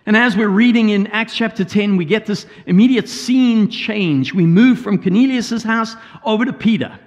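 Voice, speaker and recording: A man's voice: high voice, moderate pace, highs cut off. A man, a pastor, preaching a sermon and retelling a story with asides and paraphrased quotes. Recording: hall reverb.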